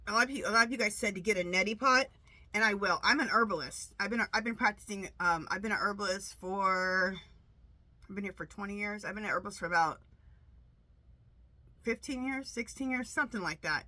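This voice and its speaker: In a recording with no room sound, a tarot reader speaks a little fast in a pushed, bright, mid-range voice. Her casual monologue to viewers is chatty and rambling, full of restarts, and her allergies leave her nose stuffed up.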